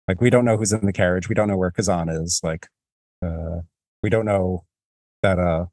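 Low-voiced rambling male podcast host. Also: steady tone, moderate pace, darkish tone, no echo, studio quality. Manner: rambling, self-deprecating, many restarts. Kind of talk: casual book discussion.

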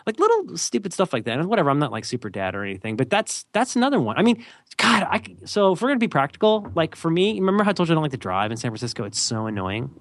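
A man chats on his podcast in a lively, wandering way. His pitch swings up and down as he restarts sentences and pokes fun at himself. The sound is dry and close, with no room echo. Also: very fast. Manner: animated, self-deprecating, rambling with restarts. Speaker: podcast co-host. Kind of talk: casual conversational advice chat.

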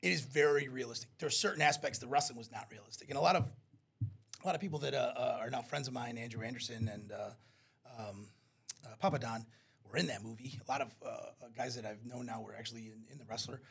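Male interview guest, raspy and gravelly, animated storyteller. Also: mid-range voice, fast. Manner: animated storyteller, acts out quotes. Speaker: wrestling promoter guest. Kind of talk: casual interview chat.

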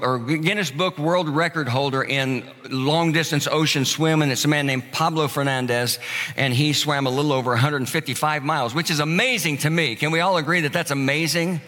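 A man preaching a sermon as pastor, earnest and emphatic, repeating key phrases slowly for weight. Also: on the high side, fairly bright tone. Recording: long hall reverb.

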